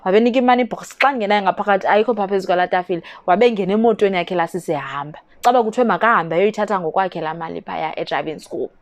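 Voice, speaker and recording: A young South African woman with a South African accent, telling a story to camera in a casual vlog with animated, indignant bursts. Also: mid-range voice, racing, hardly any pauses, dry recording. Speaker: YouTuber.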